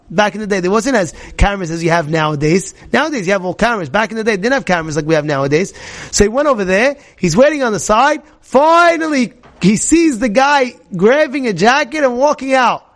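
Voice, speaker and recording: A man's voice: high voice, lively intonation, brisk. A man giving an informal Torah class, telling stories in a chatty, repetitive way and often asking the audience questions. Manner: chatty, asks the audience questions, repeats phrases, acts out shouting characters. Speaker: rabbi teaching a class.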